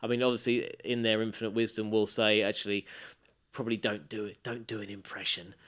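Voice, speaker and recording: A man's voice: on the low side, little pitch movement, brisk, fairly bright tone. A man co-hosting an audiobook review podcast, chatting casually in a rambling, enthusiastic way. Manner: rambling, enthusiastic, many restarts. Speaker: podcast co-host. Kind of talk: casual chat.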